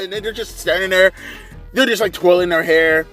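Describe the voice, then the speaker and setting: A young man giving casual, profane, rambling wrestling commentary, excitable and full of slang. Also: high-pitched, fairly quick, soft background music. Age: young adult. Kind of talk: casual watch-along commentary.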